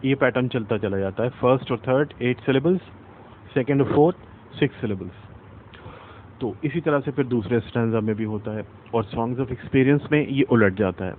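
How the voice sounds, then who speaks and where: A man gives a patient literature lesson, repeating key points and reading verse slowly to stress each syllable. His middle-range voice comes through narrow, phone-like audio. Faint traffic sounds hum underneath. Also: medium pitch. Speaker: English literature teacher. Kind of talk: explanatory lecture.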